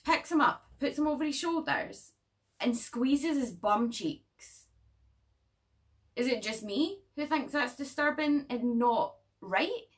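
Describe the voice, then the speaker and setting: A woman casually reviewing a horror movie in a chatty, animated way, swearing freely. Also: high-pitched, slow pace, recorded from a distance.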